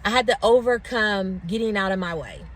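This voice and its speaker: A woman speaks in a relaxed, conversational faith talk, full of "like" and "right?". Her pitch sits in the middle of the range. She builds to repeated preaching lines as she encourages listeners. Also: fairly quick. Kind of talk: casual motivational faith talk.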